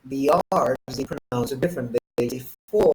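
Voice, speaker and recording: A man with a Texan accent, from the Chihuahua and Texas border area, teaching an English coursebook lesson slowly and deliberately, counting item by item. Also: medium pitch, darkish tone, a little hiss or hum, rough recording. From Chihuahua–Texas border region.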